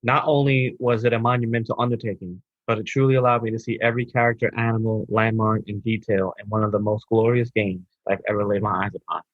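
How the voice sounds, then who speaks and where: A man co-hosting a gaming podcast, relaxed and laid-back, talking with a sore throat. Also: on the low side, quick pace, hardly any pauses, dry recording, narrow, tinny audio. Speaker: podcast co-host. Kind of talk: casual chat.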